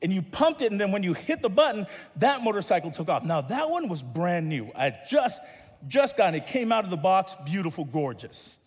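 Male pastor, Southern California, animated and playful storyteller, high-pitched, long church reverb. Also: brisk, slightly rough. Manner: animated, playful, laughs at his own story. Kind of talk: sermon storytelling.

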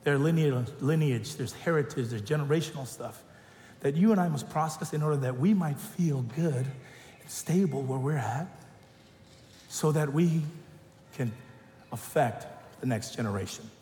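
A male pastor preaching a sermon, telling stories and joking, animated. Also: a little high, normal speed. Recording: echoey church hall.

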